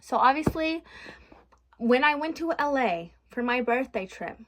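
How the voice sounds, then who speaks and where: A woman's voice: high voice, expressive, unhurried. A young adult woman vlogging from her bedroom, rambling frankly and venting with swearing in a casual chat.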